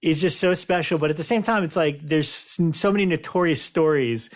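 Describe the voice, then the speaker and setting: A man's voice: on the high side, a little fast. A man hosting a podcast interview, asking questions with a fan's enthusiasm. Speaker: podcast host.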